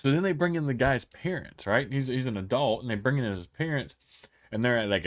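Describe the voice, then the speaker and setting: A man's voice: medium pitch, expressive, fairly quick. A man teaching a Bible passage in a casual, conversational way, retelling the story in everyday speech with frequent restarts. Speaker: pastor.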